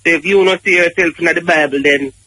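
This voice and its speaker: A man's voice: fairly high pitch, quick pace, sharp tone, no room sound, low-quality recording. A Jamaican man calling in to a radio show, rambling and talking over the host. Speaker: caller. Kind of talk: call-in radio talk. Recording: dry radio call-in line.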